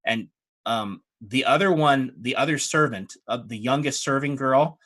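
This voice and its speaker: A man narrating as dungeon master, relaxed and halting with fillers. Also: medium pitch. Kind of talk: narrating a tabletop game.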